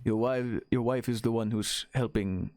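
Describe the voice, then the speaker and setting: A man voicing a guarded anonymous male informant giving a tip over the phone, speaking slowly and deliberately. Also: mid-range voice, steady tone, darkish tone, dry recording, natural voice.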